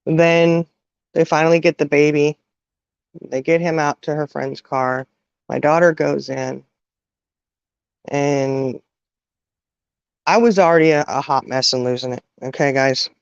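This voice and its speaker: A woman's voice: sits low, steady tone, smooth, dry recording. Middle-aged woman telling a hard story. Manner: halting, full of "you know" and restarts. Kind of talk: emotional personal storytelling. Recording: dull, dry sound.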